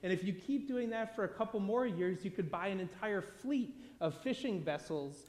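A man's voice: lively intonation, moderate pace, darkish tone. A man doing a pushy American business executive. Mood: persuasive. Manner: confident, persuasive sales pitch. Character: self-assured American male business executive, eager to advise. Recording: long hall reverb.

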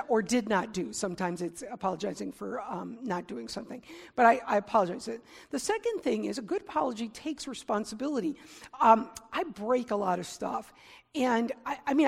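A woman giving a sermon in a conversational, self-deprecating way, getting animated when she gives examples. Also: fairly high pitch, gravelly, breathy edge, big-room sound. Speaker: preacher.

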